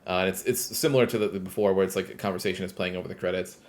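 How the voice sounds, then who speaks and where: A man's voice: sits low, fairly even intonation, rapid-fire, slight background noise. A man co-hosting a podcast, casually recapping a video game's ending and talking in a rambling way with self-corrections. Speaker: podcast co-host.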